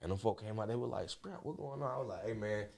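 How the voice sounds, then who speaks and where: Guy on a podcast, lowish voice, telling a wild story, laughing and doing everybody's voices. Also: fast, vocal fry. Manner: animated, laughing, acts out voices in his stories. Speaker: podcast guest. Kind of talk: casual storytelling.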